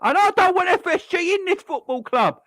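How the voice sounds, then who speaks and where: Man, angry football rant, sweary and mocking, swooping pitch. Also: animated, moderate pace, fairly bright tone, dry recording. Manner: sweary, mocking, mimics people. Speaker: football channel host.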